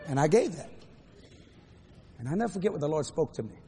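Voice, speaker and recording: An older man preaching a storytelling sermon in a large hall, animated and playful with dramatic swings. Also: on the high side, fast, slight background noise. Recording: echoey hall, faint crowd ambience.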